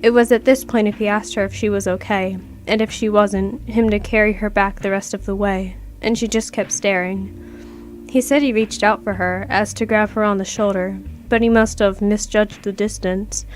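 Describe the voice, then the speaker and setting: A woman with a mid-range voice and steady tone reads a first-person horror story at a moderate pace as a creepypasta narrator. She keeps it casual, conversational and heavily profane.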